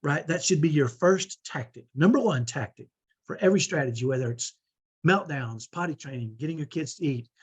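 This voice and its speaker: A middle-aged man giving a conversational teaching talk to parents, often checking in with a quick "right?" as he makes his points. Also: on the high side, lively intonation, breathy edge. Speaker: parent coach.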